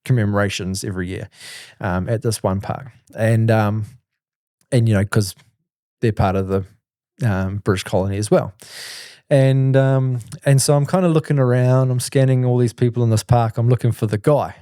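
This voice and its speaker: A man's voice: fairly low pitch, moderate pace, dark tone, smooth, dry recording, clean studio sound. A man, a podcast host telling a long story in a rambling casual way, full of fillers. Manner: rambling, full of "like" and "you know".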